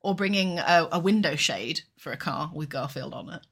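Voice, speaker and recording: A woman co-hosts a comedy podcast, trading quick, playful, deadpan quips. Her voice sits fairly low but sounds bright and clear-edged. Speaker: podcast co-host. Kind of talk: casual comedic chat.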